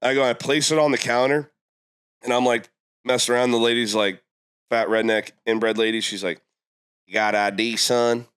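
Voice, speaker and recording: Animated young man telling a story. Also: moderate pace, clean tone. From Florida. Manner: animated, jumps high for quoted voices. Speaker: podcast guest. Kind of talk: casual storytelling.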